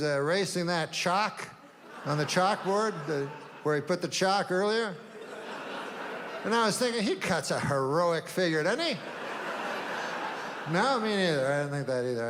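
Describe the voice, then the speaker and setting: Stand-up guy, deadpan, rambly long setups, kinda high voice, echoey hall with a bit of hiss. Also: moderate pace, creaky. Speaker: stand-up comedian. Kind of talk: stand-up routine. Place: comedy stage before a live audience. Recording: long hall reverb, faint noise.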